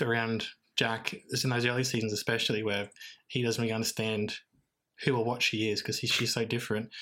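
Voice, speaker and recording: A podcast co-host speaking thoughtfully in casual chat, pausing often and restarting sentences. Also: mid-range voice, fairly bright tone. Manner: thoughtful, hesitant with many ums and restarts.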